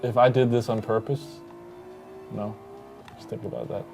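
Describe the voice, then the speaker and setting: A man's voice: lowish voice, steady tone, moderate pace, creaky, over music. A man playing a racing game on a livestream, chatting casually and mocking himself with a laugh. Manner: joking, self-mocking, laughs often. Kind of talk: casual gaming banter.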